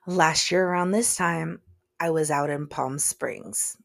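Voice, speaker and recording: Podcast host, woman, slightly low-pitched; loose, joking solo chat with sudden loud bursts. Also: creaky. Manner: chatty, jokey and self-deprecating with sudden loud bursts. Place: recording studio.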